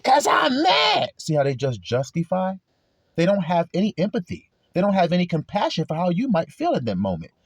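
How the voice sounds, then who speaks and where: A man's voice: on the high side, big pitch swings, a little fast, dark tone, no room sound. A man preaching an informal sermon, confrontational and full of rhetorical questions, with coarse language.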